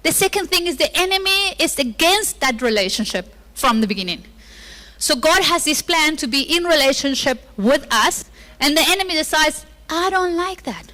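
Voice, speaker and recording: A woman's voice: sits high, expressive, normal speed, sharp tone. A woman pastor preaching a sermon with playful asides, acting out the lines she quotes. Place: church auditorium. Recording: long reverb of a church hall.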